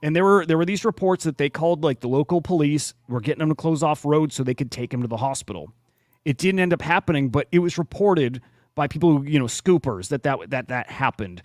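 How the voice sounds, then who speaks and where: A man's voice: a little high, expressive, brisk, no echo, clean studio sound. A man hosting a podcast in casual chat, blunt and profane with plenty of restarts. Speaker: podcast host.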